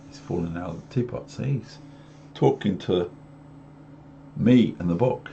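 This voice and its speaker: An older man with a New Zealand accent reading a picture book aloud to children, gently explaining as he goes. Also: low voice, gravelly. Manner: gentle, explains slowly with pauses. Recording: dull home recording with faint noise.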